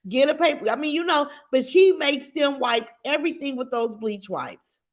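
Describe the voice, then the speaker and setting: A middle-aged woman with a slightly high voice hosts a casual livestream. She talks straight to her chat in a blunt, animated, opinionated way and reads comments out loud. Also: moderate pace.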